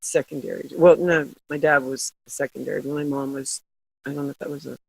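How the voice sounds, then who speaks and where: A husky, slightly raspy middle-aged woman talks through her stories in a relaxed interview, laughing often as she goes. Her voice is close and dry, with no room around it. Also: low voice, brisk, no room sound, rough recording. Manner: chatty storytelling, laughs often. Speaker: guest, glassware company founder. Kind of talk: casual interview chat.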